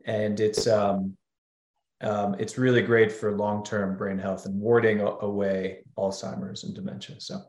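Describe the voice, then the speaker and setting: A man's voice: fairly low pitch, flat delivery, a little slow, a little mellow, echoey room. A man speaking as a guest on a podcast, talking in a rambling, hesitant way. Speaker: guest, company co-founder. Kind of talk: casual podcast conversation.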